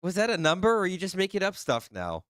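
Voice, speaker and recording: Flustered, excitable man hosting a livestream. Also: high-pitched, quick pace, no room sound, clean studio sound. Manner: flustered and excitable, laughing often, teasing viewers. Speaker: livestream host reading chat. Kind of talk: casual live-stream chat.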